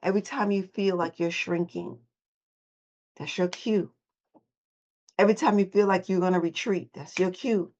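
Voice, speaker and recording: A woman's voice: mid-range voice, steady tone, moderate pace, long pauses, darkish tone, dull audio. A woman hosting a motivational morning call, coaching listeners and having them repeat affirmations back to her. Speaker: host and voice coach.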